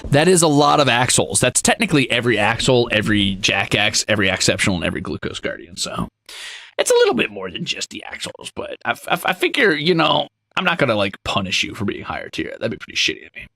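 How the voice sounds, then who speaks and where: Gravelly, lively male streamer. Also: medium pitch, fast talker, slight background noise. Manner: playful and animated, with sudden squeals and mock scolding; swears casually. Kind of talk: casual game livestream chat.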